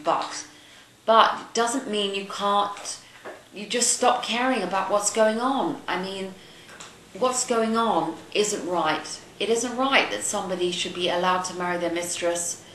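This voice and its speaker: A woman's voice: on the low side, a bit bright. A woman from London with a Cockney accent, ranting bluntly to her viewers and swearing casually. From London, England. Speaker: video blogger. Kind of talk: ranting to camera. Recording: echoey room, faint ambient noise.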